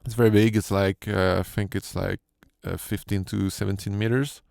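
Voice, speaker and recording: A man's voice: lowish voice, little pitch movement, normal speed, creaky, a little mellow, no echo. A man with a French accent, a sound designer giving a hesitant, filler-heavy tutorial walkthrough from his home studio. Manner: hesitant, many fillers and restarts.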